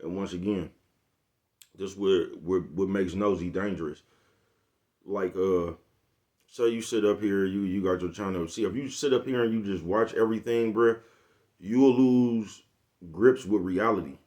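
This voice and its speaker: Male vlogger, lowish voice, loose slangy monologue, keeps checking in with his audience. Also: unhurried, darkish tone. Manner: laid-back slangy rant, repeats "you get what I'm saying". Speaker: channel host. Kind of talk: casual vlog monologue.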